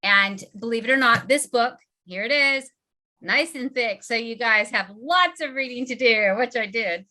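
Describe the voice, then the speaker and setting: Woman, Southern US accent, host, bright forceful voice, higher pitched, chatty with lots of ums. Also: moderate pace. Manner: chatty, filler-heavy, laughing often. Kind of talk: casual webinar hosting.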